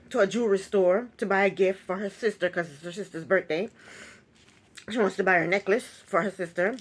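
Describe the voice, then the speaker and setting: A woman recaps a reality TV episode in a loose, chatty monologue. She speaks at a medium pitch, pausing on ums and giving her own opinions as she goes. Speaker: recap vlogger.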